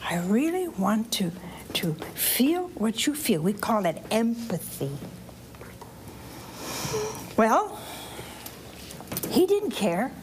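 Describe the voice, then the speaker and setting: Woman preacher, higher voice, very expressive pitch, asks the crowd questions, whispers asides, faint hum of room behind. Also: slow, long pauses. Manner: animated, quizzing the audience with questions. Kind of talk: sermon to children and families.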